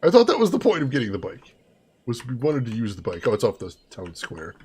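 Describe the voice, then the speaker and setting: A man's voice: mid-range voice, wildly swooping pitch, brisk, darkish tone, slightly rough. A man commentating a video game playthrough, sarcastic and amused, talking to his chat. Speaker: game streamer. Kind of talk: let's play commentary.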